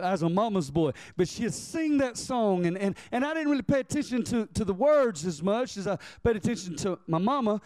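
A man preaches from the pulpit in a high, warm voice with a smooth, clean tone, heard close and dry. He reads scripture in old-fashioned wording and keeps calling on the congregation to answer back. He slows down to stress the key phrases. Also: dry recording. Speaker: pastor. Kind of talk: sermon.

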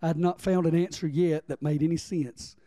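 A man's voice: fairly high pitch, steady tone, normal speed, dark tone, no room sound. A man preaching a sermon as pastor, reading scripture and calling on the congregation to respond.

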